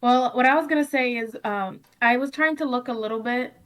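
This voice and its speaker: A young woman co-hosting a casual podcast chat, speaking in a hesitant, measured way. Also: on the high side, fairly bright tone. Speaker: podcast co-host.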